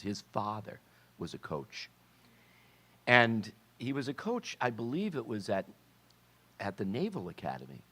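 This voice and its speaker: Man preaching a casual, conversational sermon. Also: on the low side. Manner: conversational, with frequent restarts and rhetorical questions. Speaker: pastor. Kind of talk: informal sermon talk.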